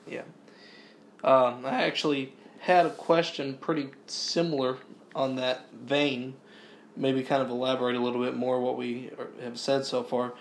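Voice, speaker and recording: A man hosting a podcast interview, offering brief affirmations and asking relaxed questions. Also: medium pitch, slight background noise. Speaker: podcast host. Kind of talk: casual interview.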